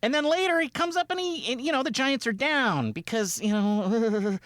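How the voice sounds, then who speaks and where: A man co-hosting a sports podcast with his brother, talking in a rambling, animated way and often acting out quotes. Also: very high voice, moderate pace, no room sound, clean studio sound. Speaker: podcast co-host. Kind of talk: casual sports chat.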